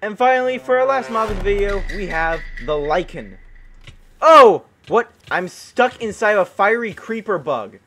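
Excitable man with bright, high voice. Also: moderate pace, hardly any pauses. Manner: excitable, dramatic, yelps and exclaims often; jokey mock outrage. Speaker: gaming video host. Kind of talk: gameplay commentary.

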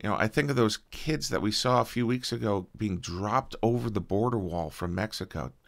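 A man preaching a sermon as pastor, earnest and conversational, with a soft-spoken prayer full of small fillers. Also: fairly low pitch, moderate pace, vocal fry.

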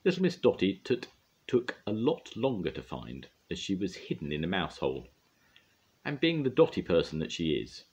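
An older man gently and expressively reading a children's story aloud. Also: deep voice, breathy edge. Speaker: storyteller grandad.

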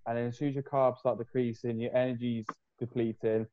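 A man's voice: medium pitch, little pitch movement, a little fast, highs cut off. A young man chatting casually on a podcast, rambling loosely and swearing freely. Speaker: podcast host, fitness coach. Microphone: video call.

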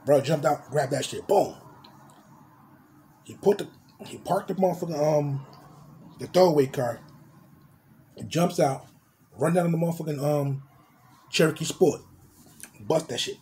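A man's voice: a little high, a little slow, pauses often, mellow, a little hiss or hum. A young man with a New Jersey accent telling a street story, full of slang and acting out engines, screeching tires and horns with his voice. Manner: vivid street slang, mimics cars and horns. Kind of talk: animated storytime with sound effects.

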